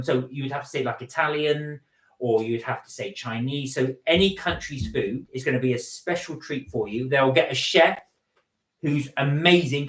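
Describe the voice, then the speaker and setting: A man co-hosting a casual live stream, chatting with his partner and reading out viewer comments. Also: medium pitch. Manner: chatty, reads out comments and jokes. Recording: echoey room.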